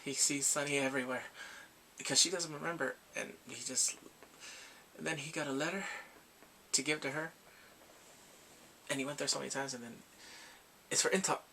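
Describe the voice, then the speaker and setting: A man casually recapping a drama's plot, animated and emotional, acting out the characters' lines. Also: a little high, moderate pace, long pauses, slight background noise. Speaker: drama reviewer.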